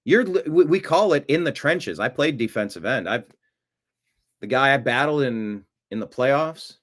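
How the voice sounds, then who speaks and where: An American man hosts a casual live stream, reading viewer comments and drifting into rambling, jokey asides. His voice sits at an ordinary middle pitch. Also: expressive, moderate pace. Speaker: show host.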